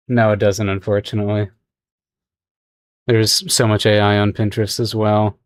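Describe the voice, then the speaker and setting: A man's voice: lowish voice, no echo. A man chatting casually with his viewers on a livestream while he draws, rambling and laughing often. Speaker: streamer.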